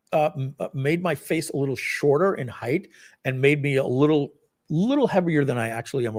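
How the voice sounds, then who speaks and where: Hosting a live stream for a product launch, this man walks his audience through a software demo, rambling casually, poking fun at himself, and leaning on plenty of fillers. He speaks in a mid-range voice.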